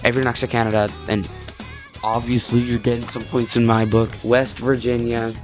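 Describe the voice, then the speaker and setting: A man's voice: medium pitch, level tone, moderate pace, soft background music. Rambling young man, joking. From Texas, USA. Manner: rambling, jokey, self-interrupting. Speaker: video creator. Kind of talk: casual comedic commentary.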